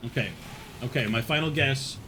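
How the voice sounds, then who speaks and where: A man's voice: mid-range voice, moderate pace, sharp tone, slight background noise. A man streaming, chatting casually with his viewers, rambling and swearing with frequent laughs. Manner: chats with unheard viewers, reads chat.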